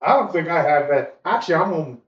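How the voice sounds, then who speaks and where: A man's voice: fairly high pitch, expressive, fairly quick. A man co-hosting a podcast, talking casually and plugging a local charity football game. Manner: easygoing, loose chat that drifts into plugging a local charity game. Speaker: podcast co-host. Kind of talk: casual chat. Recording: roomy, distant, muffled home recording with faint background noise.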